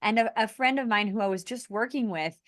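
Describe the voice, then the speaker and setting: A woman hosting a casual podcast conversation, earnest and animated, laughing lightly between points. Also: on the high side, fairly quick, no room sound, studio quality. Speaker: podcast host.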